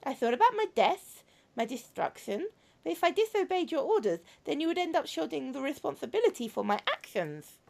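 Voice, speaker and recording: A tender robot girl, read aloud by a woman in a visual novel, soft and earnest with a sad, wistful edge. The voice sits high and moves freely up and down. Her lines come gently, as if holding back tears. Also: very animated, brisk, vocal fry, heavily acted. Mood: sorrowful. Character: young female robot girl, gentle and sorrowful.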